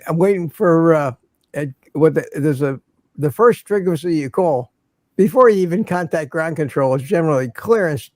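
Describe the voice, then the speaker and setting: An older man hosts a relaxed livestream, his voice sitting a little high. He rambles through stories and laughs at his own jokes. The sound is dry and close, with no room around it. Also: no echo. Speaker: livestream host. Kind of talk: casual chat.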